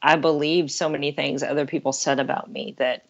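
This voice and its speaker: A woman's voice: sits low, fairly even intonation, brisk, vocal fry, dull audio. A middle-aged woman talking earnestly and candidly as a guest on an interview podcast, laughing now and then. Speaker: life coach guest.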